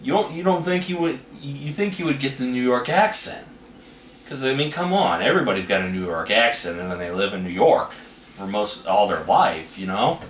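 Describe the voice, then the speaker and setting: A man's voice: medium pitch, lively intonation, normal speed, a bit bright. A man hosting a casual trailer reaction, rambling and hedging as he talks. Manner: rambling, hedging with "you know what I mean". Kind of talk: casual chat. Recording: echoey room with faint noise.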